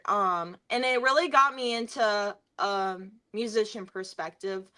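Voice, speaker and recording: Bright-voiced chatty young woman. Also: a little high, normal speed. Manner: chatty, filler-heavy, laughs often while telling stories. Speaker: guest singer. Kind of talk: casual interview storytelling.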